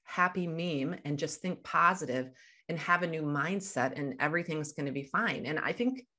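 A woman's voice: deep voice, normal speed, pushed and bright. A woman guest on a podcast interview, a life coach talking over a video call and explaining through everyday examples.

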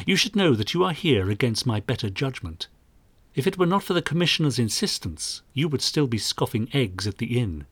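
A man's voice: mid-range voice, sing-song, a little fast, slightly rough, no room sound. A man voicing a stern, troubled male detective inspector who gives clipped orders. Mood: seething.

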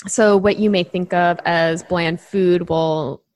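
A woman's voice: on the low side, steady tone, slow pace, a little mellow. A woman co-hosting a podcast, explaining nutrition to clients in a chatty way with lots of fillers. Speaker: podcast co-host, nutrition coach. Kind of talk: casual podcast chat.

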